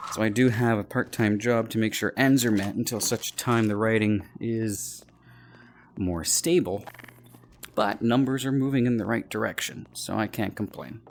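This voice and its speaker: A man's voice: fairly low pitch, slight background noise. A man, an author, rambling and joking in casual commentary while he plays a VR game. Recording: game music behind.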